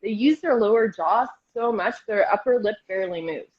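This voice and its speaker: A woman's voice: mid-range voice, moderate pace. A woman co-hosting a casual podcast chat, giggly and self-deprecating. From Canada. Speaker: podcast co-host. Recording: dull lo-fi audio.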